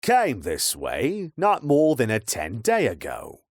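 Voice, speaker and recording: A man voicing a grumpy, gruff old man who tends a fire, talking in a rough, colloquial way. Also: mid-range voice, huge pitch swings, takes it slowly, no echo, studio quality, voice pushed up, full character voice.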